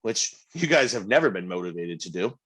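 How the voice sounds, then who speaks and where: A man's voice: low-pitched, sing-song, a little fast, a bit bright, husky. A man co-hosting a podcast, teasing his friend and laughing along in casual chat. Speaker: podcast co-host.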